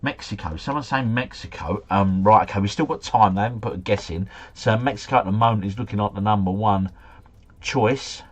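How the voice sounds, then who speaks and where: A man streaming a guessing game live, thinking aloud and chatting to viewers, his volume rising and falling with excitement. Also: on the low side, brisk, husky. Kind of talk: casual live commentary.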